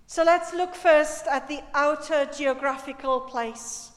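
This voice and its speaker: Slow, high-voiced woman preaching a sermon. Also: steady tone. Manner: slow, measured and reflective, lingering on key words. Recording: reverberant church hall.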